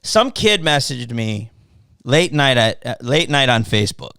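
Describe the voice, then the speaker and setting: A man's voice: medium pitch, unhurried, no room sound, studio quality. A man hosting a podcast, telling a story in casual chat, swearing often and acting out both sides of an argument. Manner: profane, animated storytelling that acts out quoted exchanges. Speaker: podcast host.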